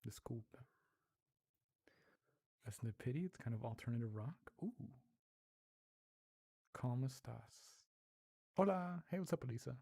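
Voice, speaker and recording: A man hosts a relaxed livestream from home, reading viewer comments aloud and laughing often. His voice is gravelly and mellow. He talks slowly and sounds out unfamiliar words carefully, syllable by syllable. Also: medium pitch. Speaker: livestream host. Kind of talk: casual livestream chat while learning a language.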